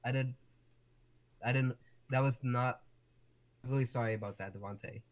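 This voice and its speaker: A man's voice: mid-range voice, fairly even intonation, normal speed. A young man chats on a podcast, exclaiming often and swearing freely. His voice comes through a muffled, lo-fi mic that dulls the top end. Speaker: podcast co-host. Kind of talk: casual chat.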